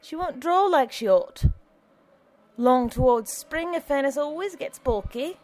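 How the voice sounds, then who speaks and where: A woman's voice: high-pitched, expressive, a little slow, darkish tone, pitched above the performer's own voice. A woman voicing a middle-aged male alderman who talks in a folksy, plain-spoken way.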